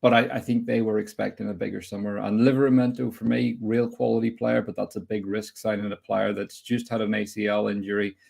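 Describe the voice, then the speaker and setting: A young man with a low, gravelly voice hosts a casual football podcast. He sounds chatty and opinionated as he talks through the season ahead and puts quick questions to his guest. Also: little pitch movement, a little mellow. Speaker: host.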